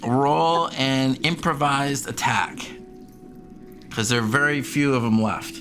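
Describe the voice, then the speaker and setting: A man's voice: mid-range voice, steady tone, slow. A man running a tabletop game as game master, narrating unhurriedly with many ums. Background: background music.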